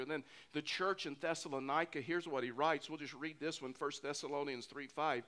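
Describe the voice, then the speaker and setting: A man's voice: on the high side, steady tone, a little fast, hardly any pauses, sharp tone. A middle-aged man preaching a sermon as pastor, earnest and often repeating phrases for emphasis. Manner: earnest, repeats phrases when stressing a point.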